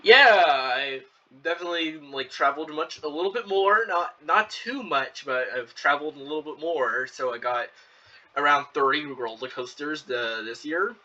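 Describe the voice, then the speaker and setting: Young male channel host, halting commentary; sharp bright tone, mic set back from him. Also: on the high side. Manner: hesitant, many fillers and restarts. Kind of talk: casual reaction commentary. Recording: lo-fi, distant from the mic.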